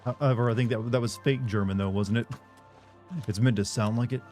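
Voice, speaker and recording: A man's voice: mid-range voice, fairly even intonation, a little mellow, soft background music. Rambling, swearing male streamer. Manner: rambling, rapid filler-heavy chatter with swearing. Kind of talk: casual live stream chat.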